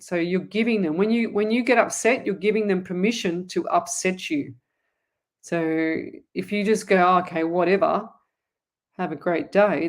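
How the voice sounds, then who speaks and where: A woman, a psychic medium hosting a live show and answering viewer questions in a chatty, rambling way. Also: lowish voice. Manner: chatty and rambling, with frequent restarts and asides. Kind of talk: casual live-stream chat.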